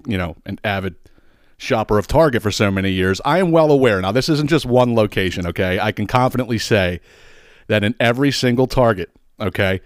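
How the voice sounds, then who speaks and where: A man's voice: on the low side, no room sound, studio quality. A man, probably in his thirties, hosting a podcast and telling a profane, exasperated story. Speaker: podcast host. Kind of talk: ranting storytelling.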